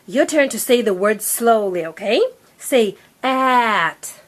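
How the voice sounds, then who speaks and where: A woman gives a phonics lesson at home, speaking slowly and clearly. Her voice sits a little high, and she praises the child after each sound. Faint background noise runs under the talk. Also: expressive, darkish tone. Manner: patient, slow and encouraging, sounding out letters. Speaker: reading teacher.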